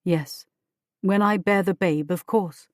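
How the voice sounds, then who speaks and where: A woman voicing a deep-voiced bitter old queen. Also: slow pace, no room sound, studio quality. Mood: boastful. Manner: cold, cutting, regal. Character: pregnant older queen, bitter and proud. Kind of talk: audiobook character voice.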